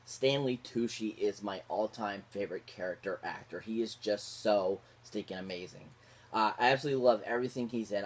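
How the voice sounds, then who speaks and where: A man's voice: fairly low pitch, darkish tone, husky. Gushing male movie reviewer. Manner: gushing, repeats favourite words; rambling with fillers and restarts. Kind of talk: casual spoken film review.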